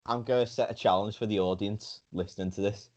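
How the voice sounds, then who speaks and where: A young man co-hosting a podcast in casual chat, playful and quick to laugh, often restarting his sentences. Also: lowish voice, fairly even intonation, a little mellow. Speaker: podcast co-host.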